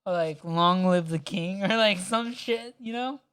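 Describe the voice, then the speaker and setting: A man co-hosting a laid-back podcast, talking with lively energy. He acts out little scenes in quick quoted voices and swears casually as he goes. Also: high-pitched, smooth. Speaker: podcast co-host. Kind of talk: casual chat.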